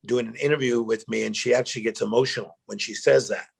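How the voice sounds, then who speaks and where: A middle-aged man, a guest speaker, telling animated personal stories in a chat and acting out the quotes. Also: medium pitch, fast talker, vocal fry, breathy edge. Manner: animated storyteller, acts out quotes, emotional. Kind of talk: storytelling interview chat.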